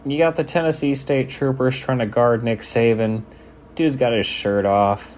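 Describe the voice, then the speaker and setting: A man's voice: medium pitch, steady tone, measured pace, darkish tone, a little hiss or hum. A man giving casual, joking commentary over game footage, laid-back and swearing freely. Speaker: sports video commentator.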